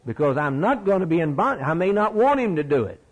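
Husky, lively folksy preacher man. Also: a little high, fast, rough recording. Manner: folksy, emphatic preaching with repetition. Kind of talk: sermon.

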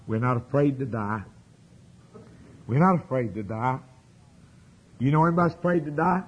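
A man preaching a fervent sermon, swinging from hushed lines to loud exclamations. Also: medium pitch, moderate pace, long pauses, breathy edge, muffled recording.

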